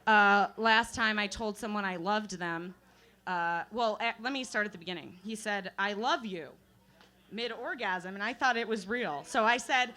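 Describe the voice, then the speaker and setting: A woman's voice: medium pitch, normal speed, bright, forceful tone. A young woman doing a self-deprecating stand-up comedy set at an open mic, telling stories full of fillers and laughs. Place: open mic night at a bar.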